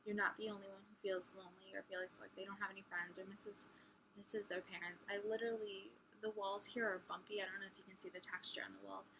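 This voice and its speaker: A young woman in a college dorm room, chatting casually while she answers viewer questions, with lots of ums and frequent drops to a hushed near-whisper. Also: mid-range voice, level tone, quick pace, slight background noise, low-quality recording. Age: young adult. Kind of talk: casual chat.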